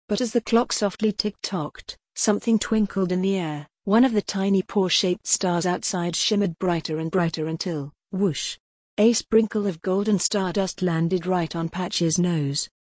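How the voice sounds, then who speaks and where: A synthetic woman's voice gently narrating a bedtime story in a soothing reading manner. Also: fairly low pitch, unhurried, breathy edge, no room sound, clean studio sound.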